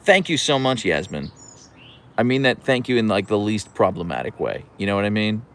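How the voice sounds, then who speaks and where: Young male streamer, low and gravelly, lively pitch, dry sarcastic chat reader. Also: a little fast. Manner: dry sarcastic banter, reads chat names aloud; often trails off into low gravelly murmurs. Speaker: livestream host reading chat. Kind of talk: casual livestream chat.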